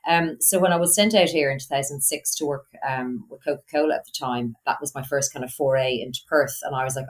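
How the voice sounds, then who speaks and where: Low-voiced Irish woman from Dublin. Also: brisk, hardly any pauses. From Ireland. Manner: chatty, laughs easily, storytelling. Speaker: guest, marketing business owner. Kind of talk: casual interview chat.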